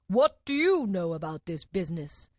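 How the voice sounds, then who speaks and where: A woman voicing a flustered, pompous male king who makes slow, drawn-out proclamations as judge of a court. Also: lowish voice, sing-song, no room sound, clean studio sound.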